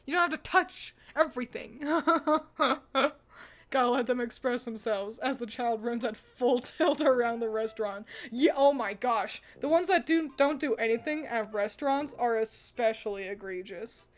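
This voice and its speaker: A woman's voice: fairly high pitch, unhurried. A woman streamer chatting casually, ranting bluntly with profanity and frequent laughter. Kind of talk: casual livestream chat.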